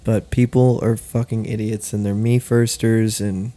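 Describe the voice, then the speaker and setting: Mellow-voiced young man, animated chat. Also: on the low side, unhurried. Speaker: podcast co-host. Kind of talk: casual chat.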